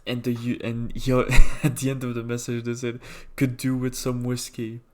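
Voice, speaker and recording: A man hosts a relaxed podcast chat, spinning stories with small restarts. He chuckles often as he talks. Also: medium pitch, normal speed. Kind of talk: casual chat.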